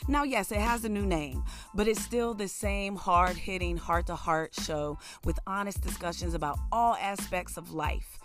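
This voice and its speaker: A woman with a deep voice hosting her own podcast in casual chat, energetic and playful. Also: normal speed, hardly any pauses, faint music behind. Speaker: podcast host and comedian.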